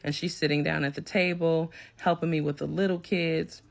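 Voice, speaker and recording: A woman telling a personal story in an emphatic, animated storytime manner. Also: low-pitched, moderate pace, creaky. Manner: emphatic, animated when retelling a confrontation. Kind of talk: storytime recounting a personal drama.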